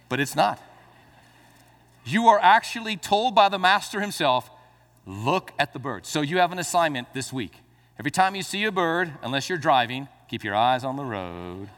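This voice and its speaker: With a long reverb tail behind his medium-pitched voice, a male pastor alternates calm explaining with building exclamations during his sermon, teasing the congregation along the way.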